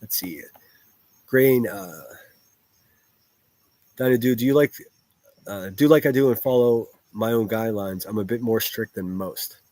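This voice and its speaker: A man's voice: on the low side, unhurried, long pauses, dark tone, no room sound. A man hosting a live stream and answering his chat in a blunt, profane, rambling way, with frequent restarts. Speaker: livestreamer reading chat.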